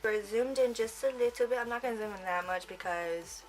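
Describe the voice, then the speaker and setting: A woman's voice: fairly high pitch, fairly quick, rough recording. A young woman giving a casual makeup tutorial, chatty and rambling, often trailing off and giggling to herself. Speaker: makeup vlogger.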